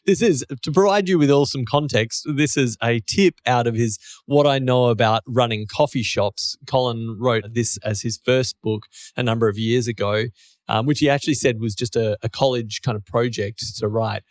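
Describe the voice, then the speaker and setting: A man co-hosts a casual podcast chat, talking things through thoughtfully and at length, with a few small restarts. His voice sits at an ordinary middle pitch. The sound is close and dry, with no room echo. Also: moderate pace. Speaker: podcast co-host.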